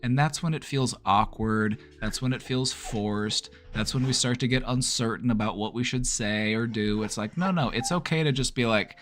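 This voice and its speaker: A man's voice: mid-range voice, normal speed, hardly any pauses, soft background music. A man hosting a livestream from home, chatting casually and stopping to talk to his dog. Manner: relaxed, chatty, talks to his dog mid-stream. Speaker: livestream host.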